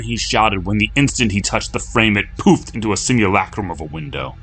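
A man narrating a horror story in a low, measured, steady delivery. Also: breathy edge, faint music behind.

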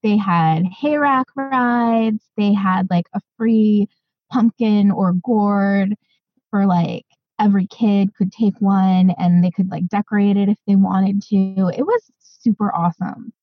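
Woman, podcast co-host, husky breathy tone, dry muffled sound, casual chatter. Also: medium pitch, measured pace, no room sound. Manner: chatty, lots of fillers and excited asides. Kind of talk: casual chat.

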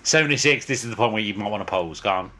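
A man in his thirties co-hosting a podcast, chatting casually, sweary and excitable, quick to laugh. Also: lowish voice. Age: 30s. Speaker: podcast co-host. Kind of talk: casual banter.

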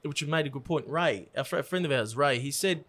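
A comedian chatting as a guest, excitable and rambling, restarting his sentences. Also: fairly high pitch, a little fast. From Australia. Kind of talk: casual chat.

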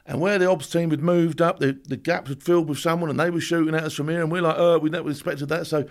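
A man, a former soldier, telling stories in a casual interview, animated and laughing as he acts out what others said. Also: a little high, quick pace. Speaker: podcast guest, former special forces soldier.

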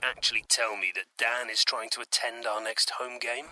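An actor playing an indignant, easily wounded football manager who whines about slights, in a comedy audio drama. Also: male voice, mid-range voice, flat delivery, normal speed, bright, forceful tone. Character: touchy self-pitying male football manager. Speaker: football club executive.

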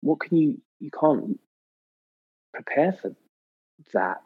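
A British man chatting as a podcast guest, telling stories in a lively way and acting out quotes with sudden pitch jumps. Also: slow pace, breathy edge, phone-quality sound. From Britain. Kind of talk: casual anecdotal chat.

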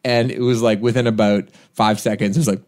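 A man's voice: on the low side, steady tone, brisk, darkish tone. Laid-back, self-mocking male co-host from Canada. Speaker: podcast co-host and producer. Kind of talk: casual chat.

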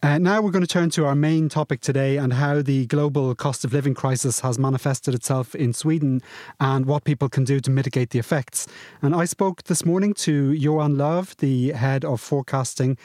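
A man's voice: mid-range voice, steady tone, moderate pace, mellow, no room sound. A man co-hosting a podcast with dry, teasing humor. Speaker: podcast host. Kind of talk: casual chat.

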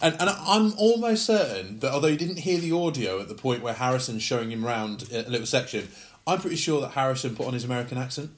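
A man, co-hosting a casual football podcast, talking in an animated way and laughing as he cuts in. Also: medium pitch, fast talker. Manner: animated, laughing, jumps in over the other speaker. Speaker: podcast co-host. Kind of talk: casual chat.

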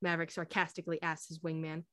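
A woman's voice: low-pitched, flat delivery, quick pace, fairly bright tone, no echo. Woman reading fanfiction aloud, dry sound. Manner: reads aloud with frequent laughing asides. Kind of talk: casual podcast reading.

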